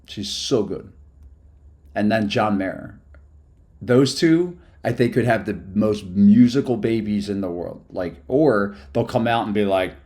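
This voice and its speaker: Hyper, rambling, low-voiced male streamer. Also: lively intonation, a little slow, a little mellow, slight background noise. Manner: hyper, rambling, jumps between topics. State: sleep-deprived. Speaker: live streamer. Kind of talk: casual live-stream chat.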